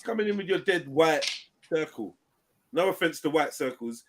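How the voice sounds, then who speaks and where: Teasing man with lively pitch. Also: noisy background. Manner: teasing, slangy, drawn-out words. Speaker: panelist. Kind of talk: live online panel banter.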